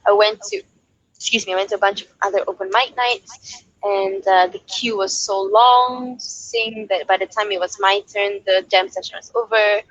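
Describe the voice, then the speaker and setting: A woman's voice: mid-range voice, normal speed, dull audio, slight background noise. A young woman from Malaysia, a singer-songwriter, telling a story in a casual interview and acting out quoted voices. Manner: lively, acts out quoted voices, laughs often.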